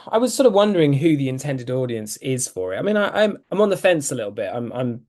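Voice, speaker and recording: A man co-hosting a podcast, talking in a measured, thoughtful, mild way. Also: mid-range voice, sing-song, a little mellow. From Britain. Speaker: podcast co-host. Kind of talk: casual podcast chat.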